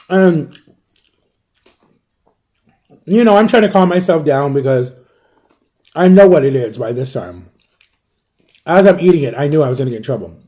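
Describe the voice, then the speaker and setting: A man in his thirties telling a personal story in a casual vlog, animated and acting out the people in it. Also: fairly high pitch, a little fast, lo-fi sound. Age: 30s. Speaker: storytime vlogger.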